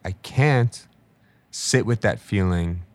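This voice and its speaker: A man's voice: on the low side, slow. A man in his late twenties talking casually and reflectively, telling stories with many fillers. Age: late 20s. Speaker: guest. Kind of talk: casual conversation.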